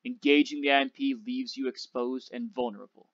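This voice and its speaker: A man reading the part of a gruff, sarcastic older flight instructor, in a clipped, commanding way, on a dull, dry recording. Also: medium pitch, steady tone, a little fast, no echo, lightly acted. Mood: instructing.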